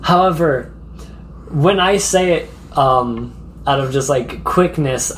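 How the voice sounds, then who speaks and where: A man's voice: mid-range voice, slow, slight background noise. A man co-hosting a laid-back travel podcast, his voice sitting in a mid range. He rambles through stories with lots of ums and frequent giggles. Faint room ambience hums behind him. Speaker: podcast co-host. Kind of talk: casual travel podcast chat.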